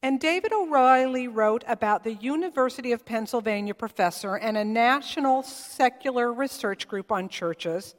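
A woman pastor preaching a sermon in a church, measured and emphatic, with repeated phrases for weight. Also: fairly high pitch, lively intonation, long reverb tail. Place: church sanctuary.

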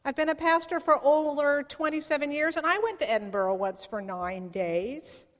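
A woman's voice: high-pitched, moderate pace. A middle-aged woman pastor from the San Francisco area, preaching a sermon in a conversational storytelling way with playful asides. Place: church sanctuary. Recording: long hall reverb.

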